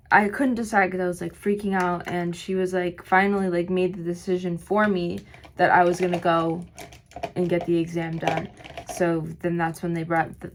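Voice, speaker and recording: A woman vlogging while doing her makeup, telling a long personal story in a rambling, filler-heavy way, her voice slightly hoarse. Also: on the low side, a little hiss or hum. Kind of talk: get-ready-with-me storytime.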